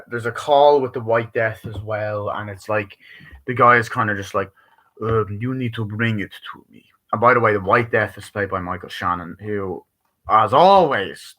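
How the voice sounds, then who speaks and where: A man rambling through a casual live-stream movie review, swearing constantly and breaking into quick bits of acted-out dialogue. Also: on the low side, pushed and bright. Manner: acts out dialogue in quick bursts.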